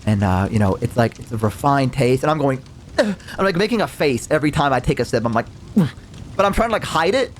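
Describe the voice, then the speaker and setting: A young man telling a casual story, animated, acting out the voices in it, with lots of fillers and casual swearing. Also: mid-range voice, fast talker, hardly any pauses, slight background noise. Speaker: VTuber storyteller.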